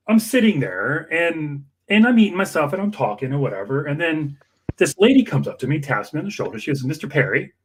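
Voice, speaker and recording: Animated husky man telling a story. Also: medium pitch. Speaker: campaign worker guest. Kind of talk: storytelling anecdote.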